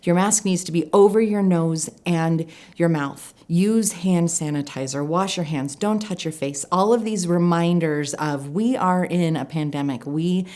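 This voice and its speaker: A life coach with a low, slightly mellow voice shares a personal story directly to camera. Her tone is earnest and reflective, and she slows down to emphasize the points that matter to her.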